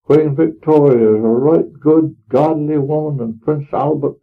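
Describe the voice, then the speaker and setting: This storyteller performs a dramatic monologue reading as an old, devout country farmer who talks plainly in a rural Norfolk dialect. His voice sits on the high side, moves a little slowly, and carries a breathy edge. The rambling, earnest, homely tale comes through a tinny old recording that sounds like a phone.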